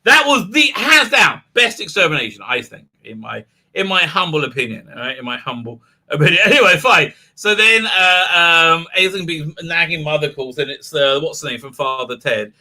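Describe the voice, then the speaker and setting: A man with a high, very bright voice recaps an episode in a casual review. He rants sarcastically and animatedly, and he breaks into laughter often. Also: big pitch swings, moderate pace. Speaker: video reviewer.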